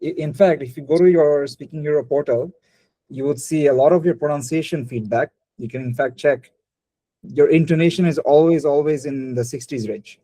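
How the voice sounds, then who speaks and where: Fast-talking man teaching. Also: mid-range voice, dark tone, dry recording, low-quality recording. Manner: rapid mix of English and Bengali, frequent restarts. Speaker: spoken English teacher. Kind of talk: live online class feedback.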